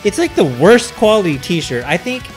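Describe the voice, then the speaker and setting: A man co-hosting a casual podcast, swearing often as he tells an animated story over a webcam. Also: high-pitched, moderate pace, faint music behind. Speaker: podcast co-host. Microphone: video call webcam.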